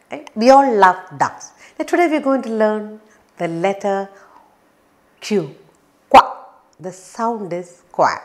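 A woman teaching phonics to young children, saying each word slowly and clearly, with a playful sing-song and sound effects. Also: medium pitch, a little mellow.

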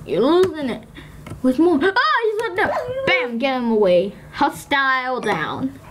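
A woman hosting a gaming video, giving excitable commentary with frequent shrieks and exclamations. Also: high-pitched, measured pace. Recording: loud background noise.

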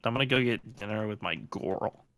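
A man's voice: medium pitch, quick pace, crowd noise. A man joking around playfully on a voice call with friends during a game. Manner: playful, jokey. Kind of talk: casual gaming chat on a voice call.

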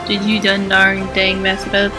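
A woman's voice: medium pitch, monotone, normal speed, music in the background, poor audio. A young woman giving silly, playful commentary over her gameplay, with squealing exclamations. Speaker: gaming YouTuber. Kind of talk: let's play commentary.

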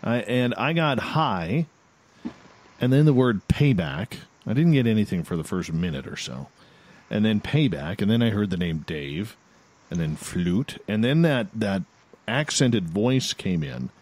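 A male radio host chatting casually and reading out listeners' results in a halting, unhurried way. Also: lowish voice, animated, a little mellow. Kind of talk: casual talk-radio chat.

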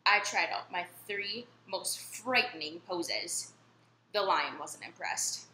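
A woman reads a picture book aloud to children in a friendly, lively way. Her voice is bright and forward, set in an echoey room with a faint hum of noise underneath. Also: fairly low pitch, takes it slowly. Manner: friendly, lively storyteller addressing kids. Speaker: children's story reader. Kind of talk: storytime read-aloud.

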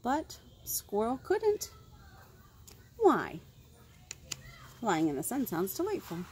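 A woman librarian reading picture books aloud to young children, animated and full of gasps and questions to her listeners. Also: fairly high pitch, slow, pauses often, a little hiss or hum.

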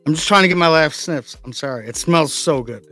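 A man with a high voice chats loosely, teasing his co-host and swearing freely. Faint music plays underneath. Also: fairly quick, pushed and bright. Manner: crude, teasing, swears a lot. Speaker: show co-host. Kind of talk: casual chat.

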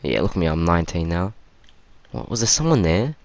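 A man with a deep, low voice narrates his shooter gameplay live. He chats casually to his viewers and bursts into exclamations whenever he gets a kill or gets taken out. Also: big pitch swings, brisk, no echo. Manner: reactive, chatty, exclaims at kills and deaths. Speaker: gaming YouTuber.

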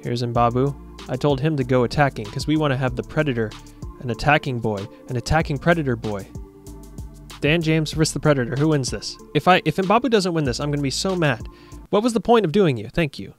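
A man's voice: mid-range voice, brisk, soft background music. A young man giving casual, jokey commentary over a football video game, talking straight to his viewers. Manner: jokey, excitable, talks to viewers. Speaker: gaming YouTuber.

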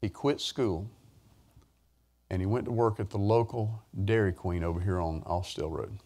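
A man preaches through homespun stories. His voice climbs high and loud, then falls back to a low, quiet telling. The storytelling stays folksy and animated throughout. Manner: animated, folksy storytelling with sudden rises in pitch and volume. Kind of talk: sermon storytelling.

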